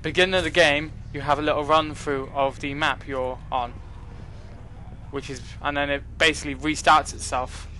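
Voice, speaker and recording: A young man giving casual, excitable commentary while playing a game, joking and swearing at what happens on screen. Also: on the high side, normal speed, slight background noise. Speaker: gaming commentator.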